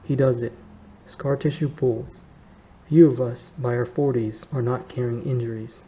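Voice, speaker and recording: A man reading a historical novel aloud in a measured way, lightly voicing the characters, with faint background noise. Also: mid-range voice, steady tone, mellow, poor audio. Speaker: reader.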